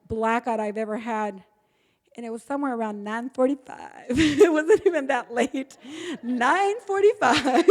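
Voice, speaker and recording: A middle-aged woman from Texas shares a candid personal recovery story as a speaker at an AA gathering, acting out dialogue and laughing often. Her voice is fairly high and a little mellow, echoing in a large, reverberant meeting hall.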